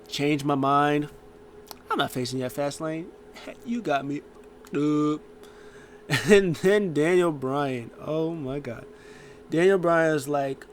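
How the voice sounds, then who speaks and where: A man's voice: a little high, takes it slowly, long pauses. Rambling man recapping with faint hum. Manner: rambling, filler-heavy, acts out quotes. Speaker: show host. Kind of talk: casual wrestling recap.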